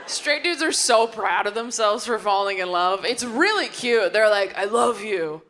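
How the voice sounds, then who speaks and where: A woman's voice: fairly high pitch, animated, moderate pace. A young woman doing a stand-up comedy set on stage, wry and punchy, slipping into quoted voices. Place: comedy stage before a live audience. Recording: noisy live stage recording.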